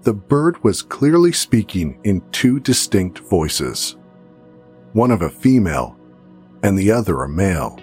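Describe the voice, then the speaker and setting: A man giving scripted true-crime narration in a measured way. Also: sits low, sing-song, a little mellow, faint music behind.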